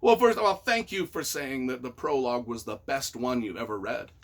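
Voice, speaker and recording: A man's voice: mid-range voice, fairly quick. A man, a novelist, giving casual, mock-earnest and playfully sarcastic commentary, often stumbling over his words. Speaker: novelist reading reviews of his own books.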